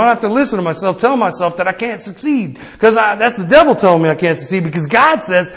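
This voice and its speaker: A man's voice: high-pitched, big pitch swings, quick pace, hardly any pauses, in a large hall. A man preaching a sermon, plain-spoken and personal, often calling out for an amen. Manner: call-and-response asking amen.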